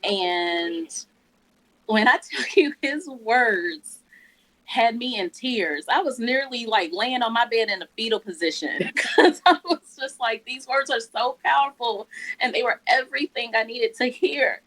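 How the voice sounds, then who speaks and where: A woman with a slightly high voice gives a personal testimony. She speaks in a heartfelt, emotional way and laughs often. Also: lively intonation, a little slow, a bit bright, low-quality recording. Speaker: guest.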